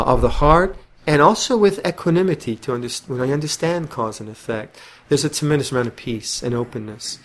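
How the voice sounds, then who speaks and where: An older man, a Buddhist monk, giving an unscripted dharma talk in a thoughtful, halting way, with many restarts and fillers and gently acted-out quotes. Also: mid-range voice. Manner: gently acts out quoted voices.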